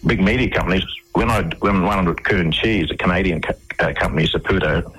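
A man's voice: low-pitched, quick pace, gravelly, a bit bright, slightly rough, low-quality recording. A man telling long, rambling anecdotes as a guest in a radio interview, often restarting his sentences.

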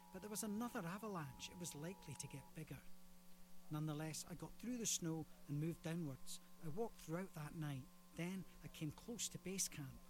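A man's voice: a little high, a little hiss or hum, poor audio. A man recounting his survival in plain, matter-of-fact sentences. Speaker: survivor, interviewee.

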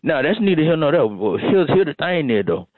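A man's voice: on the high side, very animated, fairly quick, no echo. A man calling in to a radio morning show, rambling and repeating himself as he tells a long story. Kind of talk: comic phone call bit. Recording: tinny phone line.

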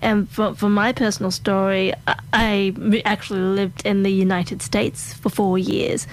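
An Australian woman with an Australian accent, hosting a casual interview in a relaxed and friendly way. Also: medium pitch, measured pace, a little hiss or hum. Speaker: host.

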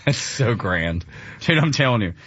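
Husky, easygoing radio co-host. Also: male voice, medium pitch, lively intonation, normal speed, fairly bright tone, dry recording, dull audio. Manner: easygoing, laughs often. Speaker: radio talk show co-host. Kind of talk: casual talk radio chat. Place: radio studio.

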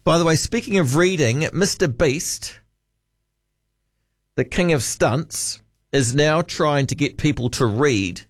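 A man's voice: a little high, slow pace, no echo, clean studio sound. A man hosting late-night talkback radio in a chatty, musing way, reading out listener texts. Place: radio studio.

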